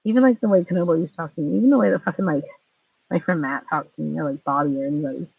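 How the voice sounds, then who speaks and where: A woman's voice: low-pitched, racing, gravelly, slightly rough, dry recording. A woman in her forties, venting angrily and bitterly on a livestream, sarcastic and full of swearing. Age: 40s. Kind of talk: angry venting monologue. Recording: tinny distant phone mic.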